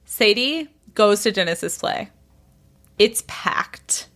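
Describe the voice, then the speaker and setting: A woman's voice: medium pitch, slow. A woman hosting a podcast, telling a gossip story in casual chat, laughing often and acting out what the people in it said. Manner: animated, laughs often, acts out characters' lines. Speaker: podcast host.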